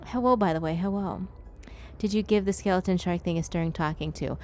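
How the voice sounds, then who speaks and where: A woman's voice: lowish voice, a little fast, darkish tone. Playful woman streaming a game. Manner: chatty, playful, talks to chat and the game. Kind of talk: casual gameplay streaming.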